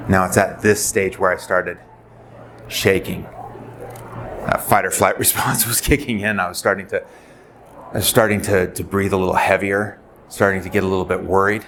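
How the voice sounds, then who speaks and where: A man in his forties, a nurse, telling an earnest personal story in a presentation and quoting dialogue as he goes. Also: low voice. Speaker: nurse and suicide prevention speaker. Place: presentation venue. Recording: noisy live presentation audio.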